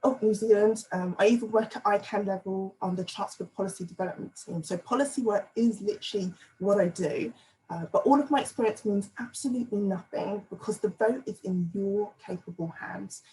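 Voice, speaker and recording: A woman's voice: medium pitch, fairly quick, dark tone, slight background noise, low-quality recording. A woman giving a playful, self-deprecating but earnest candidate speech over a video call. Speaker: candidate for advisory council.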